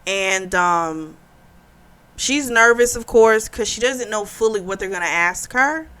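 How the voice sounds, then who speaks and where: A woman talks through a book review in a relaxed, conversational way, with a voice of ordinary middle pitch. She retells the story with a chatty, animated delivery. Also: unhurried, smooth. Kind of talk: casual spoken book review.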